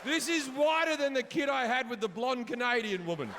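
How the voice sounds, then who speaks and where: A very high, brisk male voice cuts over a noisy crowd as a middle-aged comedian works a live stage. His storytelling is profane and brash, and the recording picks up the room's reverb and the audience.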